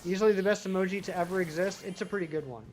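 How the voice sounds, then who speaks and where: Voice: medium pitch, steady tone, racing, a little mellow, faint music behind. A live-streaming gamer chatting casually with viewers, rambling and answering the chat while playing.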